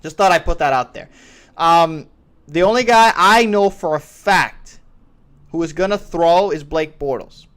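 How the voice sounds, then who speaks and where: Man, sports talk host, opinionated, rambling, smooth clear tone. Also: on the high side, unhurried, a bit bright. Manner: rambling, restarts phrases often. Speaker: podcast host. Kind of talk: solo sports commentary.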